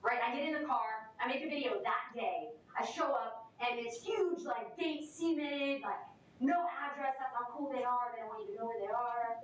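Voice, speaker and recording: High-voiced young woman giving a keynote. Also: moderate pace, far from the mic. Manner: lively, peppered with "like", acts out quoted voices. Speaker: keynote speaker. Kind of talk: storytelling keynote speech. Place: large conference hall. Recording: echoey hall recorded from afar, noisy.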